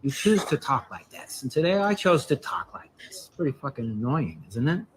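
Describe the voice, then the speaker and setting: An actor playing an irritated coffee shop customer who lectures sarcastically in a played-back sketch clip. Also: male voice, medium pitch, very animated, normal speed, a little hiss or hum, close to an everyday voice, low-quality recording. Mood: sarcastic.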